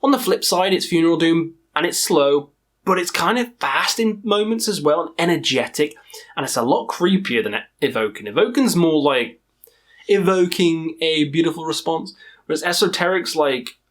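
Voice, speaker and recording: A man with a worn, hoarse throat rattles through a ranking of his favourite metal bands. He is loose, profane and openly enthusiastic, trailing off and circling back the way he would with a friend. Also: on the high side, expressive, moderate pace, fairly bright tone. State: tired, strained throat. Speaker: metal music reviewer. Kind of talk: casual ranking vlog.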